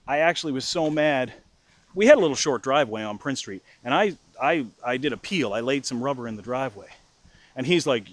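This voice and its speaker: A middle-aged man telling a comic personal anecdote in an animated, mock-furious way. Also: mid-range voice, dry recording. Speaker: storyteller. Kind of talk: casual anecdote storytelling.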